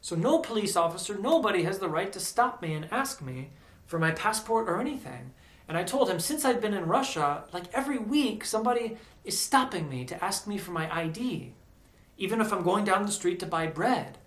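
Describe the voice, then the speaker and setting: An American man telling a personal story in a casual, animated way, acting out the voices of the people he quotes. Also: sits high, brisk. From United States. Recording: echoey room.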